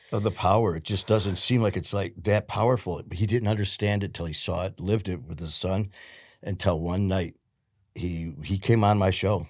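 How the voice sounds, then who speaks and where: Low-voiced male interview host. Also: darkish tone, no room sound, studio quality. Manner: storytelling, emphatic when retelling. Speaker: podcast host. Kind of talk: conversational interview.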